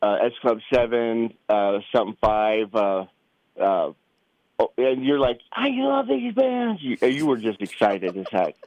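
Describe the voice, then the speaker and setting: A middle-aged father telling a family story in a casual, animated way, acting out the voices he quotes. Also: lowish voice, unhurried, dry recording, lo-fi sound. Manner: animated, acts out quoted voices, many restarts.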